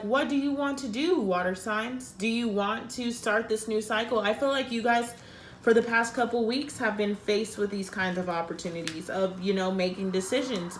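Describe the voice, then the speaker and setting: A woman's voice: medium pitch, reverberant, a little hiss or hum. A woman giving a casual tarot reading, talking bluntly and frankly, swearing freely. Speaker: tarot reader.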